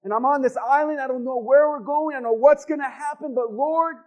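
A man's voice: very high-pitched, brisk. Man putting on a weary, pleading apostle. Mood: grateful. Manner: exasperated questioning of God. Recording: dull lo-fi sound.

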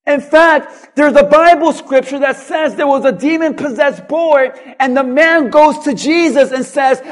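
A man preaching in a church with a very high voice. He speaks slowly and leans on repeated lines, climbing toward a shout at times. His delivery is that of a pastor working a congregation. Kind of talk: sermon.

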